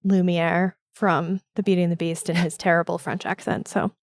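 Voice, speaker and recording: A woman's voice: lowish voice, little pitch movement, moderate pace, dry recording. A woman co-hosting a casual podcast chat, easygoing and amused, steering the talk with questions. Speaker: podcast co-host.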